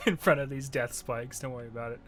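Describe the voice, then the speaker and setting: A man's voice: mid-range voice, expressive, brisk, a bit bright, soft background music. Wry man narrating his own gameplay. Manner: wry, self-mocking, swears. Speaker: player of a video game. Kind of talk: casual let's-play commentary.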